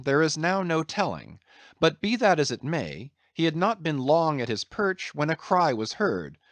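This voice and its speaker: A man reading a classic novel aloud as an audiobook narrator, in an expressive, measured storytelling manner. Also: mid-range voice, dry recording. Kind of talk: scripted narration.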